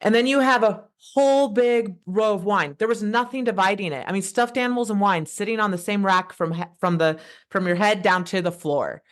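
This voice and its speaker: A woman's voice: mid-range voice, fairly quick. A woman in her thirties, a podcast guest, talking passionately in casual conversation, often restarting her sentences. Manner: passionate, fired up, rambling with restarts.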